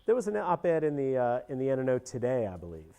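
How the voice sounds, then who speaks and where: A middle-aged man talks through local politics in a loose, rambling way. His voice is mellow and warm, and his pitch swings widely as he gets worked up. He keeps stopping partway through sentences and starting over. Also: fast. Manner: rambling, animated, self-interrupting with many restarts. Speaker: podcast host. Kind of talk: casual political commentary.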